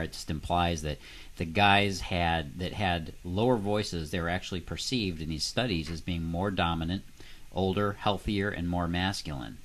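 A man co-hosting a podcast in casual chat, talking with a few halting fillers. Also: deep voice. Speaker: podcast co-host.

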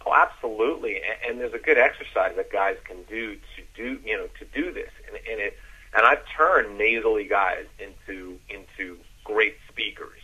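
A man coaching listeners on a podcast, dropping his voice low to demonstrate as he explains. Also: normal speed, bright, forceful tone, breathy edge, highs cut off. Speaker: dating coach. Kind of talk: instructional podcast talk.

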